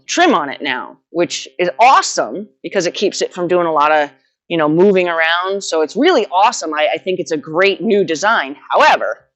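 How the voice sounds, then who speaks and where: A woman with a slightly low voice tells a long, meandering story to her vlog audience. She sounds casual and self-deprecating and keeps laughing at her own mishaps. She comes across as middle-aged and unpolished. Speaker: horse trainer vlogger.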